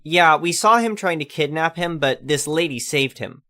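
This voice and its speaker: A man's voice: a little high, animated, normal speed, bright, forceful tone, voice pushed up. A man voicing a gossipy woman bystander who eagerly backs up a false accusation.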